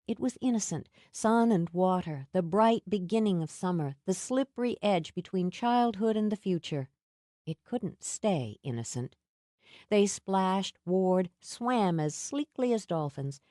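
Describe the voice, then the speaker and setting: A woman narrating a romance audiobook in a soft, intimate storytelling manner. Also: medium pitch, no echo, clean studio sound. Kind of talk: scripted narration.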